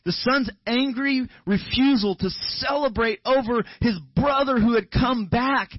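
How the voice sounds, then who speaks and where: A man's voice: very high voice, unhurried, no echo, muffled recording. A man preaching a sermon in an earnest way, often repeating words and restarting his phrases. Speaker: pastor.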